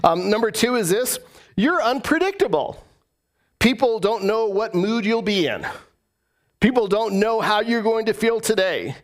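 High-voiced earnest male preacher. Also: animated, unhurried. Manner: earnest, emphatic, repeats phrases for stress. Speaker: pastor. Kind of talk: sermon.

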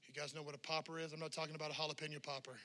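A man preaching in a church, his voice pitched high and ringing very bright and forceful. He presses his listeners with one rhetorical question after another, building intensity as he goes. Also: level tone, very fast. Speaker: pastor. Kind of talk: sermon.

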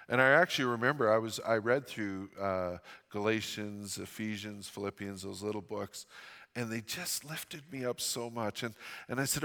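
A pastor in his fifties from Western Canada delivers a sermon in a bright, forceful voice that rings out through a church sanctuary with a long reverb. He reads scripture dramatically, slowing and rising on the quoted lines, then drops to a quiet, confiding tone for his own stories. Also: medium pitch. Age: 50s.

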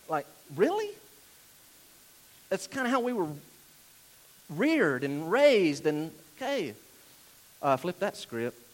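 High, lively Southern preacher man. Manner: direct, conversational, questioning the listeners. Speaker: pastor. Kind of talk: sermon.

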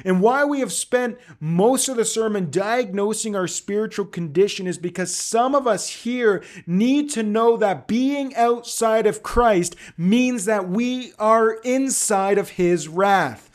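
A man's voice: sits high, slow, few pauses. A man preaching an emphatic, conversational sermon outdoors at a church service in a park. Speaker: pastor.

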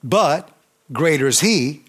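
A man preaching a sermon, fervent, with call-and-response and swings between loud emphasis and quiet intensity. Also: on the high side, animated, takes it slowly.

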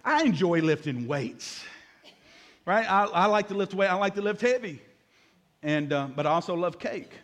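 A man in his fifties, a pastor preaching a sermon in a lively, joking way, acting out little scenes and calling for amens. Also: sits high, normal speed. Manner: lively and joking, acts out voices, calls for amens from the congregation.

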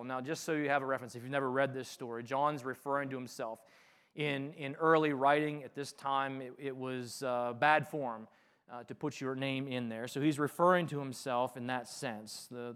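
A man pastor delivering a sermon, reading scripture aloud and explaining it, swinging between loud emphatic passages and quiet, soft asides. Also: medium pitch.

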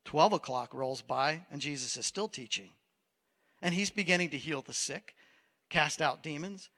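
Bright-voiced pastor preaching in a reverberant hall. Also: male voice, fairly high pitch. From Maine. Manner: conversational preaching with rhetorical questions. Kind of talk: sermon.

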